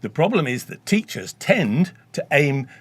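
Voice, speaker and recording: Middle-aged English guy, husky, blunt and emphatic interview guest. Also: a little high, very animated, measured pace, dry recording. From England. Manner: blunt, emphatic, salty British idioms. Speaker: voice-over artist guest. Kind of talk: podcast interview.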